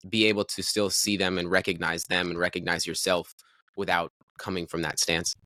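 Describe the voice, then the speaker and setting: Deep-voiced thoughtful male host. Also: flat delivery, pushed and bright, dry recording. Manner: thoughtful, slightly halting, repeats words. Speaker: podcast host. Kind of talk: interview conversation.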